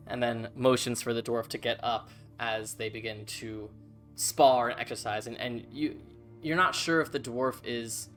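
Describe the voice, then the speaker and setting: A man narrating a tabletop game as game master, in a relaxed, casual way with many fillers. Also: mid-range voice.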